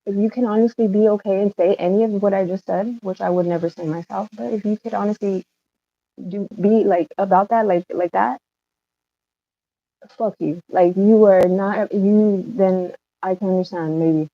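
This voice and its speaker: A woman's voice: mid-range voice, fairly even intonation, normal speed, dry recording. A woman livestreaming an emotional rant, upset and rambling, swearing often. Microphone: phone livestream. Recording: slightly dull lo-fi stream audio.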